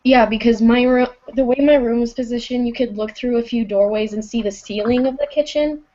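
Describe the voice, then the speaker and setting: A woman's voice: a little high, fairly even intonation, fairly quick, dark tone. A teenage girl from Kansas calls in on a lo-fi voice chat, her voice worn down by sickness. She tells a creepy story hesitantly, leaning on "um" and "like" as she goes. The line sounds dull and muffled. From Kansas, USA. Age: teens. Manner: hesitant, many "um" and "like" fillers. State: sick. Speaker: caller. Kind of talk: telling a ghost story on a voice call.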